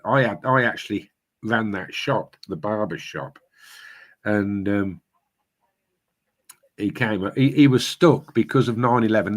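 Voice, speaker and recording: A man telling a rambling anecdote on a video call, acting out the voices of the people in his story. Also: lowish voice. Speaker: party candidate.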